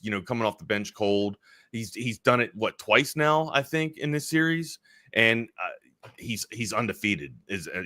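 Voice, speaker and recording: A man's voice: lowish voice, pushed and bright, no room sound, clean studio sound. A man co-hosting a sports talk show, chatting casually and rambling, often correcting himself mid-thought. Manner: rambling, self-correcting, quick asides.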